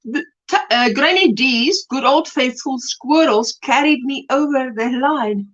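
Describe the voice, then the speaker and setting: Speaking unhurriedly in a high, fairly bright voice, this woman from South Africa greets viewers by name during her relaxed crochet livestream. She chats and laughs frequently, picked up muffled by a webcam microphone.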